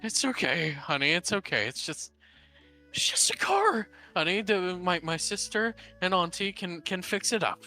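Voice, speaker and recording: A man voicing a soothing, gentle husband. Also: high voice, normal speed, few pauses, faint music behind, pitched above the performer's own voice. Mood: comforting. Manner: soothing, repeats reassurances. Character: gentle husband consoling his wife.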